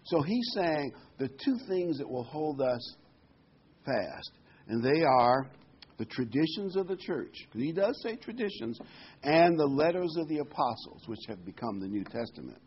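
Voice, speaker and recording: A man's voice: fairly high pitch, big pitch swings, moderate pace. An older man giving a conversational sermon as a pastor, often restarting his words and hesitating. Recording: dull lo-fi recording with faint noise.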